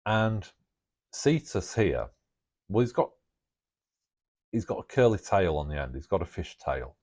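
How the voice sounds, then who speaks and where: A man's voice: sits low, very animated, measured pace, darkish tone. A man talking through his speculative ideas in a rambling monologue, thinking aloud with jokey asides and chuckles. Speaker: alternative history presenter.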